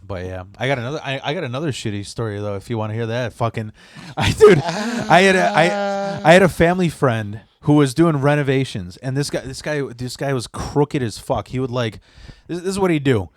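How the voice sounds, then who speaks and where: A man's voice: mid-range voice, animated, brisk. A man from the Chicago area telling crude work stories in casual talk, cursing often and restarting his sentences. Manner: profane, rambling with many restarts. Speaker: podcast guest. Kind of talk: casual storytelling.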